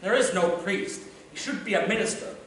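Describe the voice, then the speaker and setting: An actor playing an earnest, flustered playwright who protests politely. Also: male voice, high-pitched, normal speed, fairly bright tone. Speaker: actor in a stage comedy. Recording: echoey stage from far off with noise.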